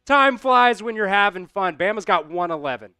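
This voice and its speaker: A man calling a basketball game as an excited fan host on a live stream, out of breath from doing squats. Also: high voice, normal speed, clear, resonant tone, no room sound, faint music behind. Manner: rowdy, chanting and yelling in celebration.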